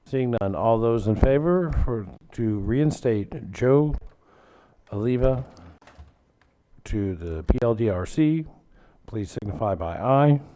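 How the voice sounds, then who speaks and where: A man chairing a county council meeting, running motions in a brisk, informal way. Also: medium pitch, animated, warm tone, dry recording.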